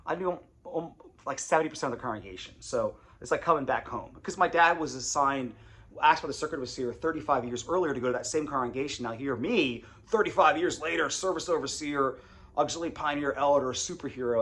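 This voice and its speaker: A man's voice: mid-range voice, fairly bright tone. A man and former congregation elder telling his story in a casual, confessional way, rambling and repeating phrases.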